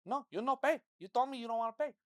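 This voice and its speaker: A woman imitating a stern Brazilian male restaurant manager, with a put-on Portuguese accent and flat, broken English. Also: a little high, quick pace, no echo, clean studio sound, voice pushed up, lightly acted. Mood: deadpan.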